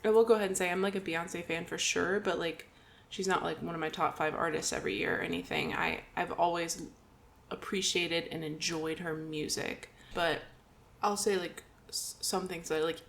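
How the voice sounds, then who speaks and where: A woman's voice: fairly low pitch, normal speed, gravelly, fairly bright tone, slight background noise. A woman co-hosting a podcast, chatting casually, laughing often and saying like a lot. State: talking with mouth full. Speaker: podcast co-host.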